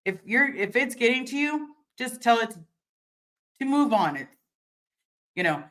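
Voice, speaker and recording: A woman with a slightly high, fairly bright voice chats casually on a livestream from home, answering viewer comments. Her pitch swings widely, and she speaks unhurriedly with frequent pauses. Candid and chatty, she swears and fills her talk with fillers and restarts.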